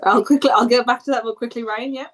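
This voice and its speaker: Brief: woman game master, a touch high-voiced, chatty, giggles through her narration. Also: fairly even intonation, fast talker, low-quality recording. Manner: chatty, laughs often while narrating.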